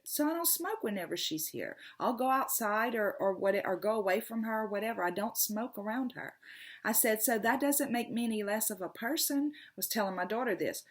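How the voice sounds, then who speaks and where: A middle-aged woman, hosting a casual vlog monologue, earnest and passionate, often stumbling and repeating her words. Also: a little high. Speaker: tarot channel host.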